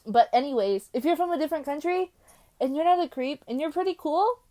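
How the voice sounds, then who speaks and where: A woman from the United States hosting her own podcast in a casual solo chat, rambling and excitable as she jumps between topics with many fillers. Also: high-pitched, a little fast. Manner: swings between loud exclamations and quiet mumbling. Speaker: podcast host.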